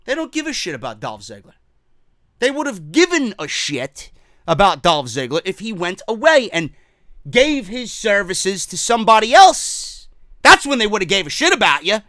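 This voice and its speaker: High-pitched, heated ranting man. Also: sing-song, normal speed, bright, forceful tone, no echo, clean studio sound. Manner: heated, profane, repetitive ranting; mocking quoted voices. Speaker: wrestling commentary host. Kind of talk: ranting opinion show.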